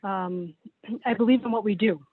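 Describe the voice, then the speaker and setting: A woman's voice: medium pitch, moderate pace, no echo. A middle-aged woman, a special education teacher, giving an earnest, emotional public comment at a meeting, close to tears. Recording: tinny call-in line, dry.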